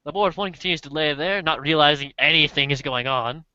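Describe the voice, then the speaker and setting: A man's voice: fairly high pitch, brisk, bright, forceful tone, smooth, no room sound. A man running a tabletop role-play as game master, narrating casually with playful asides. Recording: muffled dry lo-fi recording.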